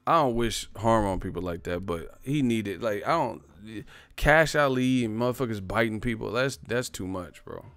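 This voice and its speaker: A man's voice: on the low side, expressive, normal speed, no echo, soft background music. Profane storytelling livestream man. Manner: profane, storytelling, reads chat names, laughs loudly. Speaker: livestream host. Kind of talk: casual comedic rant.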